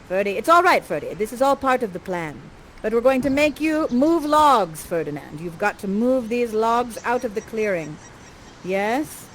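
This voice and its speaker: A woman's voice: a little high, a little hiss or hum, rough recording. A woman acting as guide in interactive theater, chatting and directing the participants in a playful, theatrical way. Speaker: actor guiding participants.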